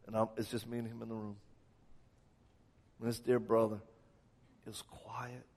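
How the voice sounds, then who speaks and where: A man's voice: fairly low pitch, monotone, brisk, darkish tone. A man preaching a sermon, telling personal stories dramatically and pressing his listeners with emphatic questions. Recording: long hall reverb.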